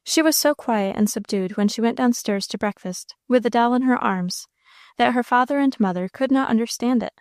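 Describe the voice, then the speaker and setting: A woman reading a classic children's story aloud as an audiobook narrator, in a gentle, measured storytelling way. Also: on the high side, no room sound, studio quality.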